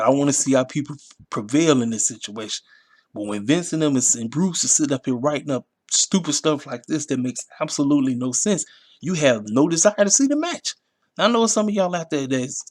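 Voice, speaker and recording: A man with a voice at a middle pitch, talking in a loose, casual rant. He sounds exasperated and animated, repeating himself and jumping high in pitch when he gets outraged. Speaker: wrestling show reviewer.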